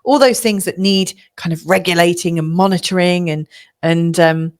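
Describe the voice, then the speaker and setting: A woman's voice: lowish voice, steady tone, moderate pace. A middle-aged woman astrologer giving a monthly forecast in a reflective, coaching way, with many fillers and restarts.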